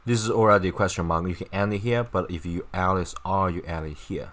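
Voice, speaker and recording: A man's voice: low voice, normal speed, a bit bright, slight background noise. A man runs an informal Chinese lesson. He talks in a loose, chatty way, keeps checking with "right?" and "okay?", and drops wry, mocking remarks along the way. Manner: wry, mocking asides with laughs. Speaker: Chinese language teacher. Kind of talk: casual online lesson.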